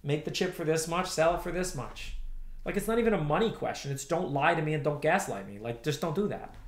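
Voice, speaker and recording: A man's voice: a little high, animated, fairly quick. A man in his thirties ranting on a livestream, heated and profane, repeating himself as he answers chat. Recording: roomy echo.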